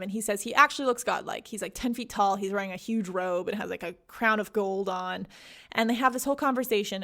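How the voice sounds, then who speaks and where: A woman's voice: mid-range voice, vocal fry, fairly bright tone. A woman hosting a podcast, recapping a book in a casual, giggly way with lots of "like". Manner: chatty, giggly, heavy use of "like". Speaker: podcast host.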